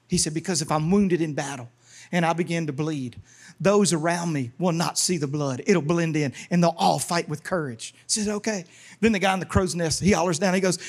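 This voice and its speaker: A man with a bright, high-pitched voice preaching to a church congregation. He is animated and theatrical, calling for responses and acting out prayers and characters in his stories. His delivery swings between a near-whisper and loud bursts. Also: fairly quick. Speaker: pastor. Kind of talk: sermon.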